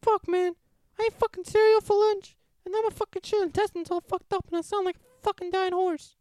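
A man voicing a stubborn, crude husband who swears constantly in a squeaky put-on voice. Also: steady tone, brisk, a little mellow, dry recording. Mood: defiant.

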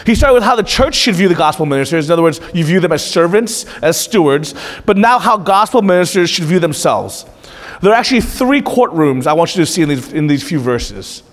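Higher-voiced man preaching in a hall. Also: brisk. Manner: conversational preaching, swings from lively asides to hushed intensity. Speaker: pastor. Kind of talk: sermon. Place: church hall. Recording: long reverb of a hall.

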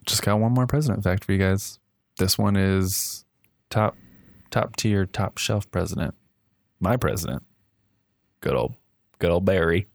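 A man's voice: unhurried, vocal fry, no echo. A man co-hosting a comedy podcast, telling odd facts in a jokey, profane way. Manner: jokey, swears often, jumps into high-pitched impressions. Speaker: podcast co-host. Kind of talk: casual comedic chat.

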